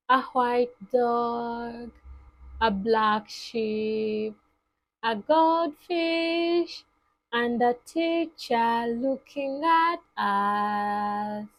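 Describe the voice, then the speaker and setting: A woman teaching toddlers, speaking in a slow, sing-song, exaggerated way. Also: on the high side. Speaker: children's teacher. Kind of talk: toddler lesson.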